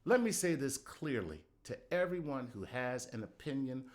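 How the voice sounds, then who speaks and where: A man's voice: medium pitch, sing-song, moderate pace. A middle-aged man doing a sarcastic comedy monologue, punchy, with sudden outbursts.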